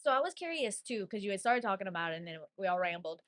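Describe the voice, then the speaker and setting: A woman's voice: medium pitch, big pitch swings, fast, a bit bright. A woman hosting, asking curious, casual questions in a podcast chat.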